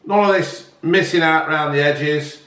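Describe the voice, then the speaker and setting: A man's voice: a little high, measured pace, pushed and bright. A man, chatting casually to viewers and swearing freely as he makes food at home. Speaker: vlog host. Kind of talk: casual cooking vlog chat. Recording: echoey room.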